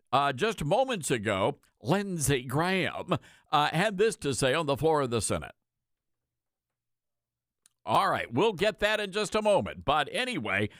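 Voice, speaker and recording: Sarcastic, animated talk radio host. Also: male voice, fairly high pitch, dry recording, studio quality. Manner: folksy and sarcastic. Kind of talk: conservative talk radio commentary.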